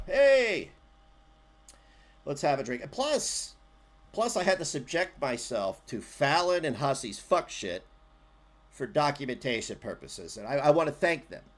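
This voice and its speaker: A man commentating on an old clip during a livestream, rambling, sarcastic and profane. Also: medium pitch. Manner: rambling and sarcastic, swinging loud and soft.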